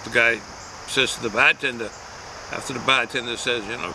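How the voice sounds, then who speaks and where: A man's voice: medium pitch, steady tone, a little fast, background noise. A man giving a casual, folksy beer review outdoors, rambling with lots of hesitations.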